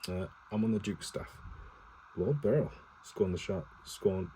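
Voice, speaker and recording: Casual home reader, male, low warm voice, stumbling plain read-aloud with self-corrections and cursing asides, no character voices. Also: fairly even intonation, moderate pace, slight background noise, low-quality recording. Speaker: reader reading a novel aloud to his partner.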